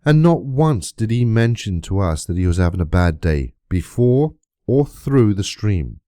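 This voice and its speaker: A man's voice: on the low side, big pitch swings, measured pace, mellow, clear, resonant tone, dry recording, studio quality. A man delivering an indignant, emphatic monologue to camera, full of rhetorical questions. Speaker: YouTube creator.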